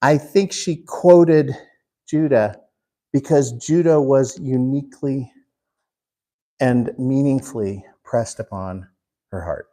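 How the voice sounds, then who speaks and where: A man teaching a Bible class in an unhurried way, putting questions to the class. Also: medium pitch, warm tone. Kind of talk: interactive Bible class lesson.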